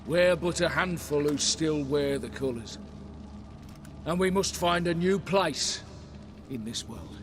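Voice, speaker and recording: An actor playing a bitter, proud knight in a video game, slow and aggrieved. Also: male voice, fairly high pitch, background noise. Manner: slow, aggrieved, rising to shouts.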